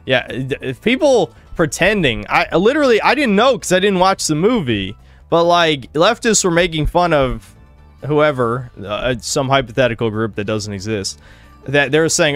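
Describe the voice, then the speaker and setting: A man's voice: on the high side, expressive, normal speed, a bit bright, no echo, faint music behind. A man hosting a casual podcast, ranting crudely with heavy swearing. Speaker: podcast host. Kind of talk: casual gaming podcast chat.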